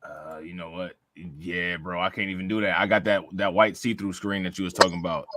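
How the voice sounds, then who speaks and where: A man's voice: deep voice, fairly even intonation, brisk, sharp tone, no room sound. A man hosting a livestream, talking in a laid-back, slangy way while fixing technical trouble. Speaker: stream host. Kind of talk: casual livestream chat.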